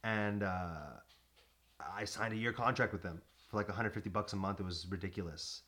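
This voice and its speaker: A man's voice: lowish voice, steady tone, a little fast, bright, forceful tone. A young man, a podcast co-host, telling rambling comic anecdotes in casual chat, full of "like". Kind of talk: casual comedic storytelling.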